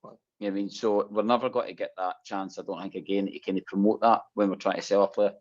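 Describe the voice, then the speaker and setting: Low-voiced Scottish man, rambling chat. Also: steady tone, fast talker. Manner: rambling, many restarts, says mate and aye a lot. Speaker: co-host of a fan phone-in show. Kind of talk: casual chat. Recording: muffled lo-fi audio.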